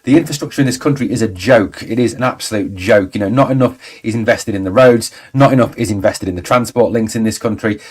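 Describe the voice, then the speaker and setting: A man in his forties hosts a fan channel livestream, talking casually and rambling through viewer comments with exasperated asides. His voice is fairly low and darkish, and he speaks fast with few pauses.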